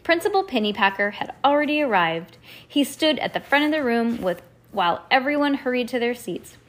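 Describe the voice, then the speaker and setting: A woman's voice: on the high side, big pitch swings, fairly bright tone. Woman reading a storybook to her kid. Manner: pauses to chat with the child. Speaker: parent reading to a child. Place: at home.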